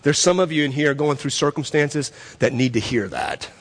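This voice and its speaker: A man's voice: on the high side, moderate pace. A man preaching a sermon, telling a story and repeating phrases as he builds to emphatic peaks. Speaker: pastor. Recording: long reverb of a hall.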